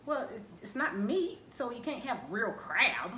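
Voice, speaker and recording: A woman hosts a casual eating vlog and keeps firing playful questions at her guest. Her voice is bright and forward. The room adds a noticeable echo and a faint hum. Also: on the high side, big pitch swings, measured pace. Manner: chatty, teasing questions. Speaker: vlogger host. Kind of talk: casual chat during a mukbang.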